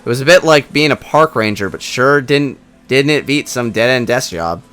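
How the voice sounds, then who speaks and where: A man voicing a tough, friendly Irish woman who used to be a ranger, in a rough, attempted Irish accent, chatting casually. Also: mid-range voice, expressive, moderate pace, a bit bright, lightly acted. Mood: chatty.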